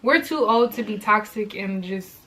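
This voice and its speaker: Young woman, storytime vlog, bright tense voice, animated, talks straight to viewers. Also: medium pitch, normal speed. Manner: animated, chatty, addresses viewers as y'all. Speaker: vlogger.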